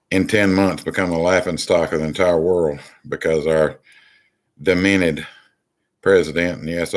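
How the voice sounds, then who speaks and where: A man hosting a political commentary monologue, rambling and exasperated, with many ums and restarts. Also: sits low. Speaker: channel host.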